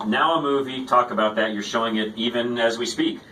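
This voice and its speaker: Bright-voiced male radio host. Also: mid-range voice. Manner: brisk, short reactions. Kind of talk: radio talk show. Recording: distant mic, faint background noise.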